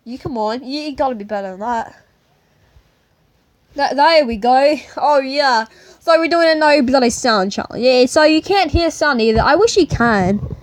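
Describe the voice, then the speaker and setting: A woman with a put-on British accent giving loud, excitable, slang-heavy commentary on a mobile game. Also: sits high, normal speed, no echo. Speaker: gaming YouTuber.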